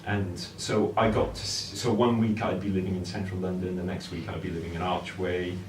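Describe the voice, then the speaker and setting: A man's voice: low voice, level tone, fairly quick, far from the mic. A man guest telling a rambling, anecdotal story in casual chat. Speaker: film guest. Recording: echoey room, noise in background.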